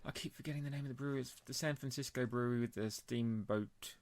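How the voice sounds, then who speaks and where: A man co-hosting a beer podcast in casual chat, chatty and quick to laugh. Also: mid-range voice, steady tone, no room sound. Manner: chatty, laughs often, puts on joke accents. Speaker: podcast co-host.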